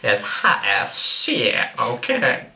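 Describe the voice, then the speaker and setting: A swaggering, drawling tough guy, played by a man in a comedy sketch, full of repetitive bluster. His voice sounds very bright and sharp. It is recorded in an echoey room. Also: medium pitch, wildly swooping pitch, extremely slow, heavily acted. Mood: boastful. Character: swaggering threatening man with fake Southern drawl. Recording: roomy echo.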